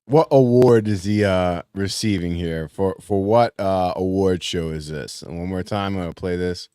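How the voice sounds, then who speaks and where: A man co-hosting a podcast and running a guessing game, halting with fillers and laughing often. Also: deep voice, mellow, clear, resonant tone. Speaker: podcast co-host running a quiz. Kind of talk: casual chat.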